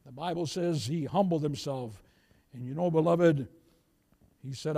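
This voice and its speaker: A man preaching a sermon as pastor, reading scripture slowly and rising to loud calls for amen. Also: fairly high pitch. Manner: reads scripture slowly in King James wording; jokes with the congregation and laughs.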